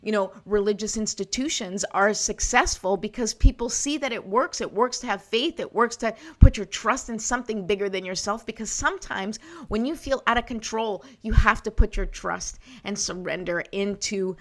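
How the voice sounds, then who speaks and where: A middle-aged woman hosts a live wellness show, giving a casual motivational talk to viewers in a warm, encouraging, conversational manner, often checking in with "right?" and "okay?". Her medium-pitched voice moves at a normal speed with hardly any pauses.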